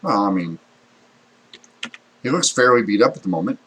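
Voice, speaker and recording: A man's voice: on the low side, expressive, moderate pace, a bit bright, husky, highs cut off. A man running a tabletop game as game master, narrating the action and explaining rules with plenty of fillers.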